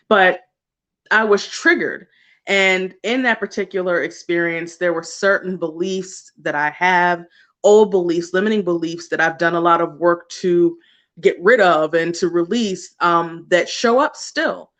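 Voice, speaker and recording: A woman's voice: on the low side, unhurried, fairly bright tone. A woman card reader chats through a livestream reading in a loose, conversational way. She laughs easily and mixes slang and casual swearing into her guidance.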